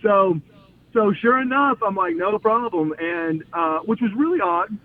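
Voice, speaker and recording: A middle-aged man tells backstage stories in a loose, casual interview, breaking into other people's voices and laughing along the way. His voice sits high for a man. It comes through a tinny, phone-like line with a faint hiss underneath. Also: a little slow. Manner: animated storyteller acting out others' lines, laughing often. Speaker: interview guest, former pro wrestler.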